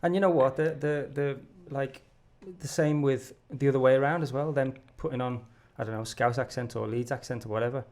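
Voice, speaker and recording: A male podcast host with a mid-pitched, gravelly voice. He talks in an encouraging, animated way, often stammering and restarting his sentences. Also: a little fast, few pauses. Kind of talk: casual conversational interview.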